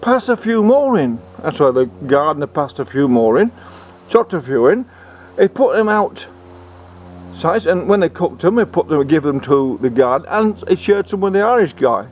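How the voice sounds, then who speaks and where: A man's voice: on the high side, expressive, normal speed, a little hiss or hum. Rambling male comic storyteller. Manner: rambling, repeating words.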